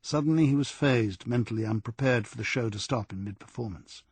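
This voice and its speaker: Husky male narrator, mid pitch, dry close-mic crime reading. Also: a little fast, dry recording. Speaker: audiobook narrator. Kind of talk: scripted narration.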